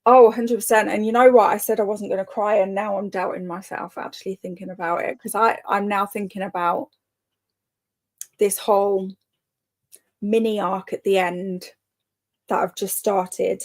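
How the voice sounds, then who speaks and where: A woman's voice: medium pitch, level tone, moderate pace. A woman hosting a live reading sprint, chatting casually and greeting commenters by name, often laughing. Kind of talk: casual live-stream chat.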